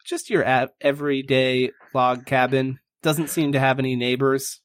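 A man's voice: medium pitch, flat delivery, normal speed, no echo, studio quality. A man narrating as game master of a tabletop role-playing game, casual and swearing freely.

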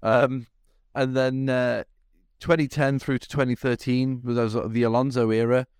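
A man's voice: medium pitch, little pitch movement, a little slow, darkish tone, clean tone, no echo, studio quality. A man from England co-hosting a motorsport podcast, talking in a rambling, reflective way with many fillers. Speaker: podcast co-host. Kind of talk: casual chat.

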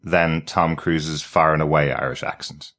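A man's voice: a bass voice, steady tone, normal speed, fairly bright tone. A man co-hosting a podcast, chatting enthusiastically about a TV series and repeating words as he thinks. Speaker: podcast co-host reviewing a TV series. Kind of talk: casual review chat.

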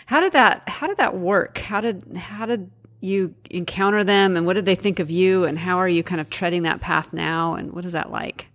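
Low-voiced woman host asking questions. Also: moderate pace. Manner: conversational, asks rambling questions. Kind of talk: casual interview chat.

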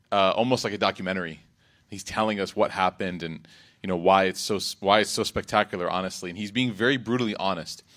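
A man giving an Islamic reminder talk in a lively, rhetorical way, breaking into quick Arabic recitation. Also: on the low side. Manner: animated, rhetorical, acts out quotes. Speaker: religious speaker.

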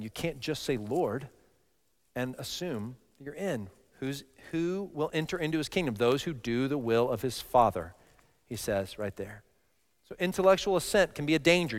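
Emphatic preacher in an echoing hall. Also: male voice, a little high. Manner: emphatic, swings from loud passion to quiet. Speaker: pastor. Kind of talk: sermon. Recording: long reverb of a large hall.

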